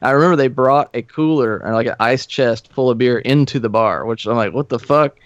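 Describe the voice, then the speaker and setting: This band member, guesting on a podcast, speaks fairly quickly in a medium pitch on a dry recording. The audio is dull and muffled as he chats casually, cursing through his anecdotes and imitating the characters' voices.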